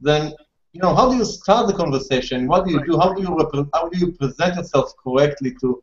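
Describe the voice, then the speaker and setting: A man's voice: fairly high pitch, quick pace. Interviewer guy rambling into his questions, roomy echo, dull sound. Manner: asks long winding questions. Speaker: interviewer, host. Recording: echoey muffled room sound.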